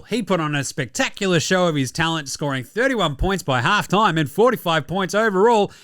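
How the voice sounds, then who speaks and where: A man's voice: a little high, fairly bright tone, dry recording, studio quality. A man with an Australian accent hosting casual sports commentary, jokey and profane in his rants. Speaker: host.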